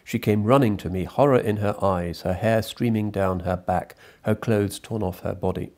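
Man reading as an older desert chief in grief, deep mellow voice, restrained. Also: moderate pace, natural voice. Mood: grave. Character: grieving Libyan tribal chief, older man.

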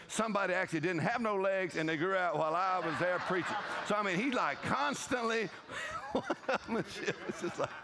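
A man's voice: on the high side, creaky, sharp tone. A male pastor, preaching a humorous sermon and telling stories with playful voices and laughter.

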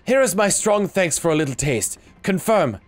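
An excitable little male game character with a squeaky, shrill voice. It jumps far above his own pitch and bounces all over the place. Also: moderate pace. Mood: excited.

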